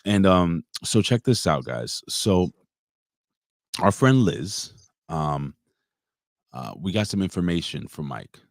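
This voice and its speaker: Very deep-voiced man, emotional and rambling. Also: big pitch swings, slow, long pauses, dry recording, studio quality. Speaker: co-host. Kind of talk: casual livestream chat.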